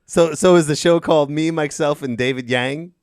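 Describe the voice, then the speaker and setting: Male podcast host, easy laughter, animated storyteller, dry sound. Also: a little high, normal speed, smooth, no echo. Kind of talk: casual podcast chat.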